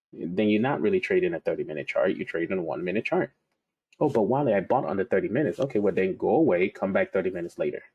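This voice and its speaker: A man's voice: fairly low pitch, darkish tone, breathy edge. A man teaching about trading in a casual, conversational way, telling stories and repeating his key points. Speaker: trading educator.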